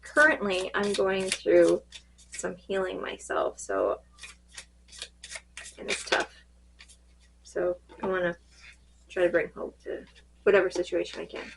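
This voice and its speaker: A woman reading cards in a casual spiritual check-in, her voice fading and a little hoarse, rambling and halting with many fillers. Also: fairly low pitch, lively intonation, a little hiss or hum, poor audio. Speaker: tarot card reader.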